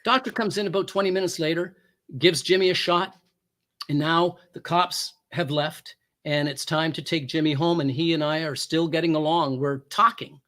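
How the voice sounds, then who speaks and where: A man's voice: on the high side, fairly even intonation, moderate pace, pushed and bright. A former police officer telling a personal story as a talk show guest, acting out the quoted lines with big jumps in his voice.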